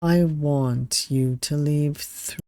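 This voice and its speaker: A streamer voicing a calm young male pirate in a visual novel, speaking with steady, low-key reassurance. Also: slow, no echo, clean studio sound. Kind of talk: reading a visual novel aloud.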